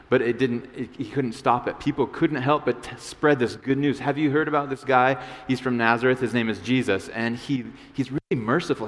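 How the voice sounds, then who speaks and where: A male pastor giving a casual, conversational sermon, with many restarts and acted-out quotes. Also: mid-range voice. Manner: conversational, many restarts and fillers, acts out voices. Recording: long hall reverb.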